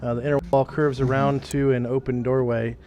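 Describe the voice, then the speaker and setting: A man acting as game master, narrating a room in measured description. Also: medium pitch, flat delivery, warm tone, lo-fi sound, a little hiss or hum.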